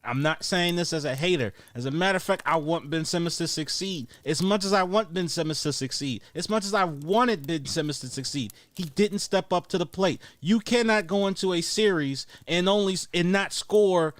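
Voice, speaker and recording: A man's voice: on the high side, moderate pace, few pauses, no echo. Emphatic man ranting on sports. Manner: emphatic, repetitive, rising to near-shouting on points. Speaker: sports podcast co-host. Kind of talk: heated sports talk rant.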